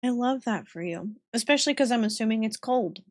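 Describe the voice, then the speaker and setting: A woman streamer chatting casually with her viewers, giggling often and reacting warmly to their messages. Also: fairly high pitch, animated, fairly quick, no room sound, clean studio sound. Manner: giggly and chatty, talks to chat.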